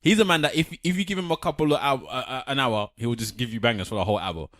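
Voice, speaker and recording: A man's voice: medium pitch, rapid-fire. A man co-hosting a podcast, chatting casually and retelling stories with quotes. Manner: animated storytelling, reads out quotes. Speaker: podcast co-host. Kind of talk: casual chat.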